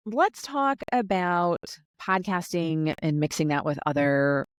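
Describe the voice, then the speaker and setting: A woman's voice: on the low side, very animated, takes it slowly, clean tone, no echo, clean studio sound. Upbeat woman hosting a podcast. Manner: upbeat, often asks "right?". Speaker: podcast host. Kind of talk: casual interview chat. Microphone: remote call.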